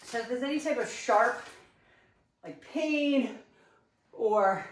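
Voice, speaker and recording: A woman's voice: fairly high pitch, animated, takes it slowly, pauses often. A woman fitness instructor coaching a live workout from her living room, out of breath and chatty, cueing with encouragement. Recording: echoey room, mic at a distance.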